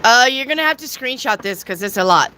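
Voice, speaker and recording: A woman's voice: a little high, expressive, brisk, bright, forceful tone, slight background noise. A woman giving a casual live tarot reading to viewers, chatty and jokey with crude asides. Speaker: tarot reader.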